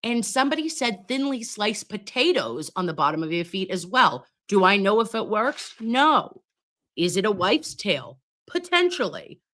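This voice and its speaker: Middle-aged woman on a live stream, chatty, calls everyone babes, clears her throat a lot. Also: medium pitch, big pitch swings, moderate pace, fairly bright tone. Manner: chatty, calls viewers babes, reads comments aloud. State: recovering from pneumonia, throat clearing. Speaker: live stream host, nurse. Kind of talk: casual live stream chat.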